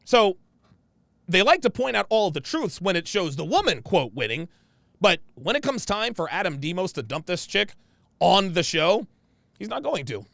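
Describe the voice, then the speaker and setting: Loud brash guy reading chat comments, high voice that swings all over, gravelly, dry close mic. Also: very animated, moderate pace, no echo. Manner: brash, emphatic, repeats phrases. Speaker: show host reading viewer comments. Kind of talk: casual livestream commentary.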